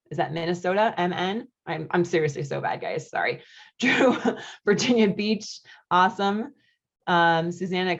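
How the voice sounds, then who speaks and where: A woman's voice: on the low side, muffled recording. Upbeat woman coach hosting a webinar. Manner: chatty and upbeat, with quick laughs and friendly asides. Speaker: marriage coach hosting a live online masterclass. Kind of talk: live webinar, reading chat comments aloud.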